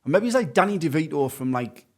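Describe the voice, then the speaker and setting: Fast-talking man. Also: on the high side. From North East England. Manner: chatty, lively anecdotes full of "like" fillers. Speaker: podcast guest, plumber. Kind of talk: casual storytelling.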